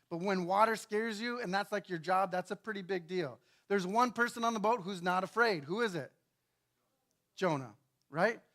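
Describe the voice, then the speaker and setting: Male pastor, high voice, casual storytelling sermon with acted-out character bits and frequent "right?" checks. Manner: animated storytelling, acting out biblical characters in quick asides; casual, chatty, often asks "right?". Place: church sanctuary.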